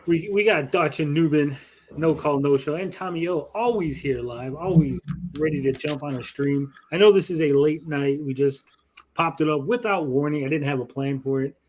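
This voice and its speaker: A man's voice: fairly high pitch, moderate pace, a little mellow. Joking man hosting a live stream. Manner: loose and joking, swears freely. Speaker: host. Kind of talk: casual live-stream chat.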